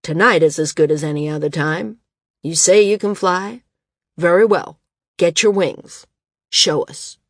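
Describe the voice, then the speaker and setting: A domineering male ruler, read by a woman narrator in a storybook, asking cold, pressing questions. The voice sits low. The sound is dry and close. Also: unhurried, no room sound.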